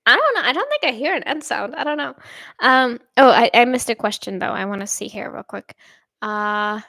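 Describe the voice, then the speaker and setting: A woman's voice: on the high side, animated, normal speed, gravelly, sharp tone, no echo, clean studio sound. A nineteen-year-old woman whose first language is Swedish, chatting casually on a livestream in a hesitant, rambling way, with many fillers and restarts. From Sweden. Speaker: streamer.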